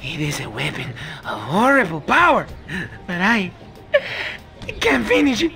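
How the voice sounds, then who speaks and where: A man's voice: high-pitched, wildly swooping pitch, measured pace, creaky, pushed and bright, full character voice. An actor playing a nervous, fretful male henchman scientist who pleads, in a video game cutscene. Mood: flustered.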